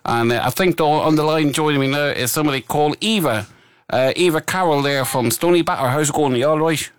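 A man's voice: on the high side, fast talker, smooth. A man from Ireland hosting a live radio show, chatting in a rambling, friendly way. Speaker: radio host. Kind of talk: casual live radio chat.

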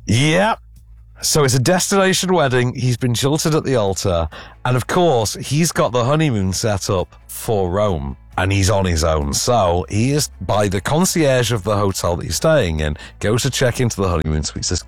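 A man chatting casually about films, lively and full of fillers and restarts. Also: on the low side, moderate pace, no echo. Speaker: film reviewer. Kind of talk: casual film review chat.

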